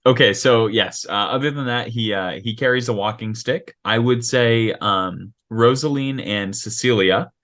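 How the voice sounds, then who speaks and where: A man acting as game master, describing a character with many ums and pauses over a video call. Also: medium pitch, fairly bright tone. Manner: hesitant, many ums and restarts.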